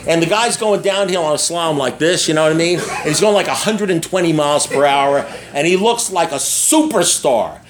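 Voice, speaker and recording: Against crowd noise, an older man talks briskly with few pauses in a voice that runs a little high. Candid with his recovery meeting audience, he's blunt and profane, repeats himself, and keeps addressing his listeners directly.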